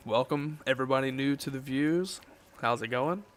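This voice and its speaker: Faint music sits under this Southern man's mid-range voice as he keeps a moderate pace. He's relaxed and joking, talking casually with his viewers during a late-night gaming stream.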